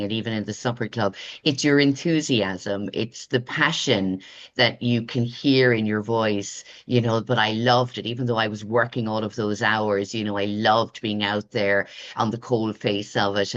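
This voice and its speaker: A woman with a very deep voice hosts a podcast in a casual interview format, heard with lo-fi sound. She's effusive, warm-hearted, and spiritual, talking about energy and passion.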